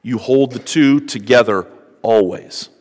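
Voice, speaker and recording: A man preaches in an easy, conversational way, then pushes into emphatic, rising stretches. His voice sits at an ordinary middle pitch. The sound carries the long reverb of a big hall. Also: unhurried, a little mellow. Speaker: pastor. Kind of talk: sermon.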